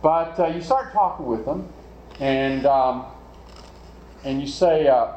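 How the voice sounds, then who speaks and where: A man's voice: medium pitch, slow, pauses often, roomy sound, muffled recording, slight background noise. A man preaching a sermon in a conversational way, putting questions to his listeners. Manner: conversational, asks the congregation questions.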